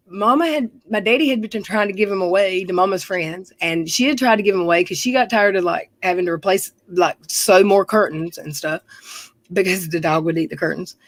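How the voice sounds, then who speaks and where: On a rough recording with no room sound, a woman with a mid-range voice hosts a livestream. She tells family stories in a rambling, chatty way, often correcting herself mid-sentence.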